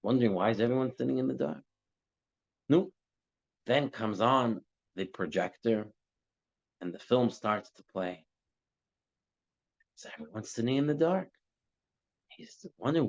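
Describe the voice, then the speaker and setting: A man teaching a religious class, telling a parable with lively, acted-out dialogue before drawing the lesson. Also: mid-range voice, a little slow, creaky, long pauses. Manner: animated storytelling, acting out characters' lines. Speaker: teacher giving a Torah class. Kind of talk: storytelling sermon. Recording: dull lo-fi class recording.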